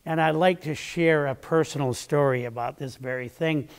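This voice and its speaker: An older man gives a motivational talk as a leadership development coach. His voice sits a little higher than most men's. He delivers his points in a measured, deliberate way and slows right down to stress the key sayings. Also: steady tone, smooth.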